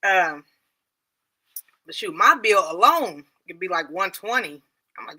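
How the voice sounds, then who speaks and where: A woman's voice: on the low side, animated, measured pace, bright, forceful tone. A middle-aged woman hosting a casual livestream chat, laughing often and reading out viewer comments. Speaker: livestream host.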